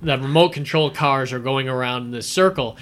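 Bright-voiced man rambling through movie scenes. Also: medium pitch, a little fast. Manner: rambling retelling of film scenes with fillers and laughs. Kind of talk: casual movie chat.

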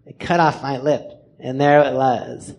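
A man's voice: mid-range voice, steady tone, a little slow, darkish tone, dull audio, pitched below the performer's own voice, close to an everyday voice. A man voicing an odd male war veteran who growls with his top lip curled under his teeth. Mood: deadpan.

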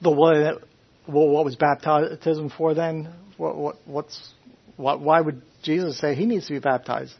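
Husky-voiced man preaching to a class. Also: on the high side, unhurried. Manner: questions the listeners, folksy, animated. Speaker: preacher teaching a Bible class. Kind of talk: conversational sermon. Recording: dull lo-fi recording.

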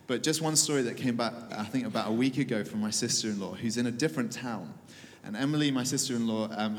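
A man's voice: medium pitch, long reverb tail. A man, a church leader, giving an informal talk to an audience, conversational and hesitant with fillers and dry humor.

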